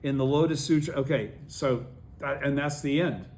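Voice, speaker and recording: A man's voice: mid-range voice, moderate pace, a little mellow. A man leading a study group, reading a text aloud and explaining it, often checking that his listeners follow.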